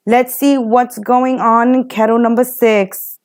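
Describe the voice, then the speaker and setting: A woman's voice: a little high, fairly even intonation, measured pace. A woman giving a general tarot reading, emphatic and repetitive, often acting out what the people in the reading would say. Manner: emphatic and repetitive, acts out quotes. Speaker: tarot reader.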